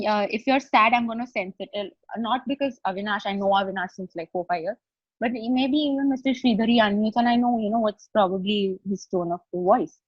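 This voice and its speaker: A woman with an Indian English accent coaches a group over a video call, talking in a chatty way and checking in with them often. Her voice is a little husky, and it sits close and dry with no room echo. The call audio is dull and lo-fi. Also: mid-range voice. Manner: chatty, explains step by step, often checks in with the audience. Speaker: life coach. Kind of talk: live online coaching session.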